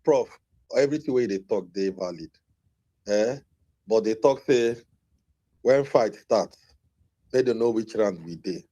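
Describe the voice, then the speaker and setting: A man with a Nigerian Pidgin accent, calmly stepping in to steer a heated live audio chat. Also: on the low side, a little slow, long pauses, dry recording, muffled recording. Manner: soothing, mediating, drops into Pidgin.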